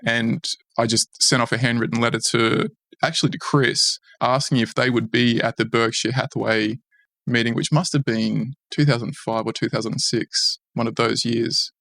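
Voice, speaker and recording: An Australian man in his forties, a fund manager speaking in a podcast interview in a measured, reflective way that often restarts. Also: mid-range voice, little pitch movement, gravelly, fairly bright tone, dry recording. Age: 40s.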